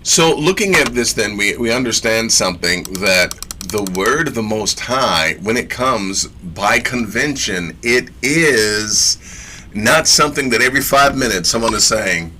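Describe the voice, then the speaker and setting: A man's voice: lowish voice, expressive, a little slow, bright, forceful tone, a little hiss or hum. A man teaching from scripture in a casual sermon, reading verses aloud and breaking in with slangy, emphatic asides and repeated phrases.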